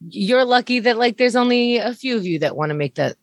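A woman's voice: on the high side, lively intonation, a little fast. A woman co-hosting a podcast, chatting casually with wry, joking remarks. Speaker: podcast co-host. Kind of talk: casual chat.

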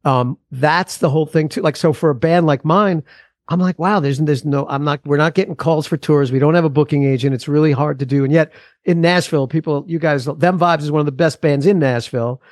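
A man's voice: a little high, brisk, no echo, clean studio sound. Earnest rambling musician in his forties. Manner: rambling, restarts often, earnest. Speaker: musician guest. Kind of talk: casual podcast conversation.

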